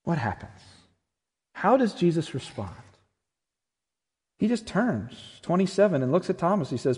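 A man's voice: fairly high pitch, sing-song, measured pace, pauses often. Emphatic male pastor in a reverberant church. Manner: emphatic, swinging from loud to hushed and intimate. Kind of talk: Easter sermon. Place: church sanctuary.

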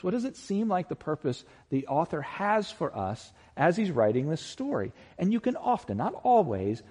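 A man preaching in a church with a lively, up-and-down delivery, his voice slightly husky and a little high for a man. He chats with the congregation as he goes and acts out the voices in the story. The sound carries a long hall reverb. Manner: animated, acts out voices in quotes; conversational, asks the listeners questions. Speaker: pastor. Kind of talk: sermon.

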